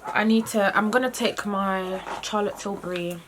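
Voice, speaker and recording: Soft-spoken woman in her twenties. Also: mid-range voice, normal speed. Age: 20s. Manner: chatty, soft-spoken, narrating her makeup steps. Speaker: vlogger. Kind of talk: casual chat. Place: at home, getting ready. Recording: noisy home video recording.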